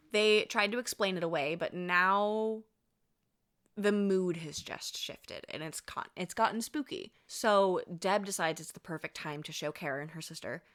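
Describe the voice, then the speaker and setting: A woman vlogger telling a ghost story in a chatty, animated, casual way, laughing and swearing freely. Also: fairly low pitch.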